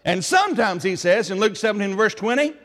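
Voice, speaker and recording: A man's voice: high-pitched, expressive, fairly quick, fairly bright tone, big-room sound. A man with a Tennessee Southern accent preaching a sermon in an earnest, conversational way, often putting questions to his listeners.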